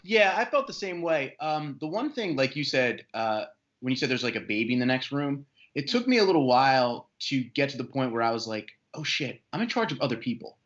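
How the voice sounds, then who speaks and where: A man's voice: mid-range voice, expressive, brisk, fairly bright tone, lo-fi sound. Wry man chatting as a podcast guest. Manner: wry, self-deprecating humor. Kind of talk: casual chat.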